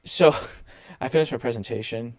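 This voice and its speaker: As a guest in a relaxed conversation, this man tells an animated story, imitating the people he quotes and frequently starting sentences over. His voice is mid-range, his pace moderate, and there's no echo.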